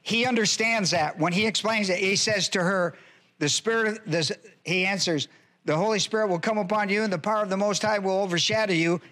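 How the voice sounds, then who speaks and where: A male pastor teaches a Bible lesson in a high, brisk, pushed and bright voice. He repeats key phrases for emphasis, spells Greek words out letter by letter and addresses listeners directly in plain, informal grammar.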